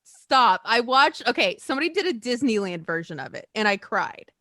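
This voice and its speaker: A woman's voice: fairly high pitch, sing-song, moderate pace, bright, forceful tone, dry recording, studio quality. A woman co-hosting a podcast in casual, rambling chat, laughing often. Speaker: podcast co-host.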